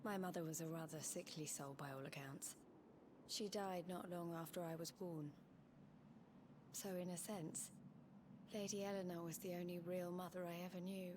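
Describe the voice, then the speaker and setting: An actress playing a wistful young warrior woman in a video game, speaking softly and reflectively. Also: fairly low pitch, steady tone, normal speed, noisy background, natural voice. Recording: game audio with music behind.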